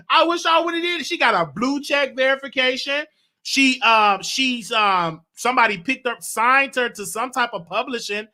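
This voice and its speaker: A man hosting a talk show, giving animated, emotional commentary on celebrity news with drawn-out phrasing and laughter. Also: extremely high pitch.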